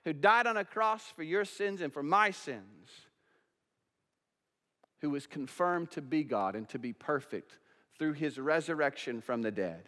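A man's voice: a little high, animated, measured pace, pushed and bright. A man preaching an earnest sermon as pastor, now and then singing hymns. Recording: long reverb of a church hall.

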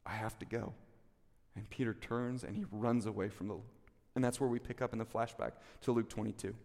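A man preaching a sermon as pastor, telling the story with animated delivery and acting out the quotes. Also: medium pitch, fast, gravelly, long reverb tail.

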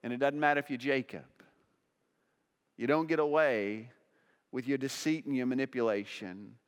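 A man preaching a sermon as pastor, swinging between loud emphatic peaks and hushed low passages, often repeating words for emphasis. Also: steady tone, moderate pace, smooth.

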